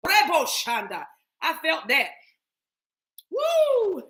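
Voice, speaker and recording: High, bright-voiced woman in lively talk. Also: takes it slowly, long pauses. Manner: animated, breaks into bursts of speaking in tongues; playful, laughs often, talks to viewers as y'all. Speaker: spiritual reader. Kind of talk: casual spiritual reading session.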